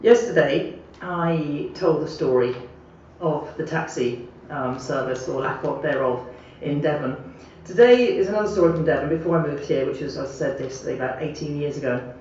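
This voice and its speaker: A woman telling a personal anecdote in a chatty, animated way. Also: low voice, moderate pace, distant mic, a little hiss or hum. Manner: chatty, animated, laughing at her own story. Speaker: storyteller sending a voice message. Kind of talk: casual spoken anecdote. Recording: echoey, muffled playback heard from afar.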